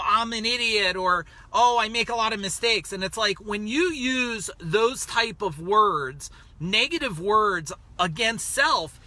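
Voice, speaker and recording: A man coaches viewers on a casual live stream, calling out names as he goes. His voice sits high and sounds very bright and forceful. The recording is dry and close, made on a phone. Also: no echo. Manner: greets viewers by name, chatty and emphatic. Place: outside a grocery store waiting in a car.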